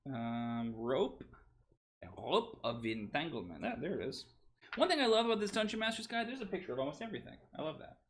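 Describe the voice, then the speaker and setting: A man's voice: high-pitched, sing-song, fast talker. A man hosting a casual livestream, thinking aloud about game monster stats with goofy asides. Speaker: stream host redesigning game monsters.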